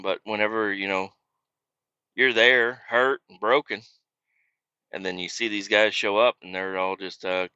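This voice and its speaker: A man's voice: lowish voice, sharp tone, smooth, no echo, muffled recording. A man hosting a podcast, telling a story in a casual, profane, rambling way and poking fun at himself. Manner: profane, rambling, self-mocking. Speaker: podcast host.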